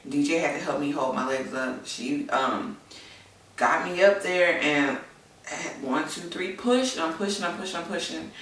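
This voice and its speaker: A vlogger and new mother with a low-pitched, fairly bright voice candidly tells a personal story at normal speed, chatting along with many fillers. The room is echoey and the mic sits at a distance.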